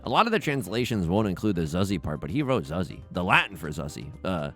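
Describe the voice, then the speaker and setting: A young man gives casual commentary on his own game, dramatic and self-mocking. His pitch leaps about constantly, from hushed mutters to loud cries, while soft music plays under him. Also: sing-song, quick pace. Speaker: let's play host.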